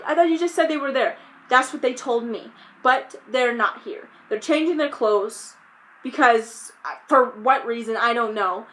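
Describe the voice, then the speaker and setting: A young woman telling a storytime vlog, recounting events in an animated, exasperated way and quoting herself often. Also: a little high. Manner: animated, exasperated retelling with quoted self-talk. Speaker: vlogger.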